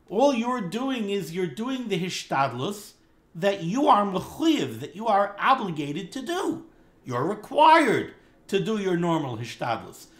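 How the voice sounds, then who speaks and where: A man's voice: extremely high pitch, a bit bright, echoey room. A man teaching a Torah class, speaking in an emphatic, repetitive way and asking rhetorical questions.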